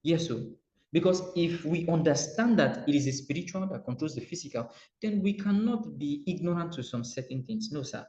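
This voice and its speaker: Nigerian male motivational coach, slightly high voice, lively and repetitive, muffled roomy recording. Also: normal speed. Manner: animated, acts out dialogue, repeats phrases.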